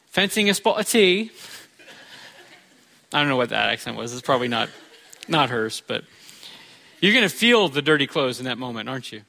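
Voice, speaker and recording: A man's voice: a little high, pushed and bright. A male pastor preaching a sermon in a conversational way, with touches of humor.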